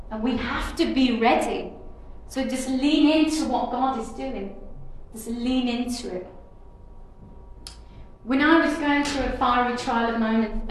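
A woman giving an earnest, declarative devotional message, often repeating and restarting her phrases. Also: on the high side. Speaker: preacher. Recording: very echoey room with faint noise.

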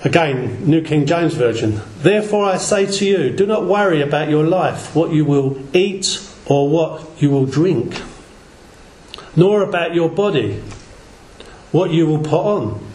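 A man delivers a sermon to a small group, reading scripture at an unhurried, careful pace and stumbling over a word now and then. His voice sits a little high for a man. The recording is echoey, with a faint hiss underneath. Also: expressive, darkish tone. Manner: slow, deliberate reading with stumbles and self-corrections. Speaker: lay preacher. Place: small gathering in a reverberant room.

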